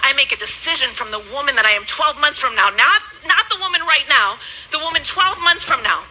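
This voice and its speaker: A woman in her thirties, a business coach, giving an emphatic motivational speech that swings between loud and hushed. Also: high-pitched, expressive, a little fast, a little hiss or hum, poor audio.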